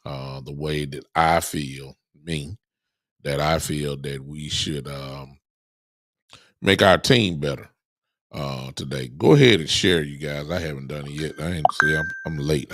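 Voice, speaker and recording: A man hosting a casual live-stream podcast, rambling loosely and filling pauses with "uh". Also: a bass voice, fairly bright tone, no echo, studio quality. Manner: rambling, heavy with "uh" fillers. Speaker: podcast host. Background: faint music.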